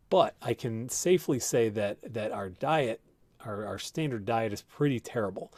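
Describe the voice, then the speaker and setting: A man's voice: mid-range voice, a little mellow, dry recording. A man hosting a live-stream health talk as a clinician. He explains research and reads viewer comments in a conversational way, with many fillers and restarts. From United States. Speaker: host and clinician.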